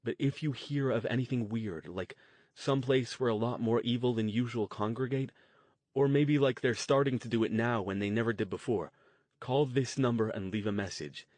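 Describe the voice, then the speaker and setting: A man's voice: mid-range voice, normal speed, darkish tone, no room sound, close to an everyday voice. A man voicing an earnest young male fighter who pleads in a casual way.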